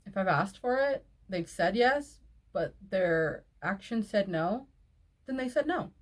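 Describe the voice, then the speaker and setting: A woman with a mid-range voice reads posts aloud in a relaxed, chatty way, then cuts in with blunt, exasperated reactions. She swears freely and laughs a lot between her remarks. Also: mid-range voice, measured pace. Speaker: online video host reading reader posts. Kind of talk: reading posts aloud and reacting with casual commentary.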